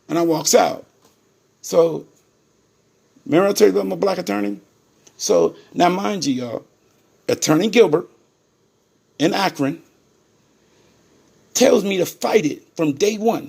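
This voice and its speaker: A man's voice: high-pitched, lively intonation, measured pace, vocal fry, pauses often, darkish tone, breathy edge. A man telling his own story straight to his viewers, indignant and emphatic, calling out to them again and again and repeating words for stress.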